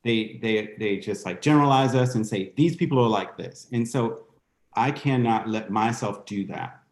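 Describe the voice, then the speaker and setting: A man's voice: fairly low pitch, normal speed, roomy sound. A man speaking as a guest in a candid interview, reflective and thinking aloud with restarts. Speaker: guest dancer.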